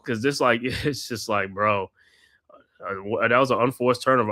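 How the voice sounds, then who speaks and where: Bright-voiced man calling a game. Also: medium pitch, normal speed, dry recording, clean studio sound. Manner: chatty, laughing, slangy. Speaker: podcast host calling the game. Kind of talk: casual play-by-play commentary.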